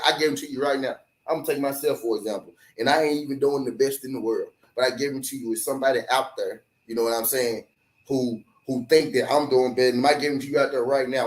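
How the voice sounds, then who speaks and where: A man hosting a sports talk show, ranting heatedly and profanely, repeating himself and mimicking critics. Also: medium pitch. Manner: animated, profane, repetitive, does mocking voices of critics. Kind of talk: heated solo rant to camera. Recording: echoey room.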